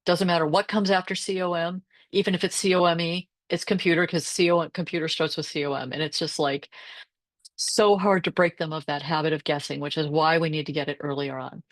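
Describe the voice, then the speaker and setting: A woman with a low voice gives a workshop on teaching reading, explaining lesson steps and sounding out letters and syllables for teachers. The sound is dry and close, as on a video call. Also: steady tone, fairly quick, dry recording. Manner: explanatory, models phonics sounds aloud. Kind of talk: workshop presentation.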